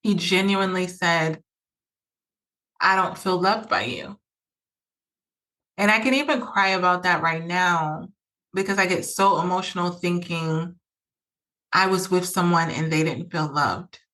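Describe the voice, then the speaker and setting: This podcast host, a woman, gives personal advice in an earnest, emphatic way, often repeating phrases and acting out quoted thoughts. Her voice sits lowish and is a bit bright, moving at a normal speed.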